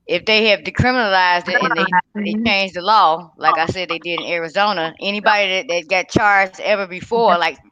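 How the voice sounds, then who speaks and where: Bright, smooth man on a dull line. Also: high-pitched, brisk, few pauses, no echo. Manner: explains at length with fillers. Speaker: panel guest. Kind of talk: casual online panel chat. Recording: dull lo-fi call audio.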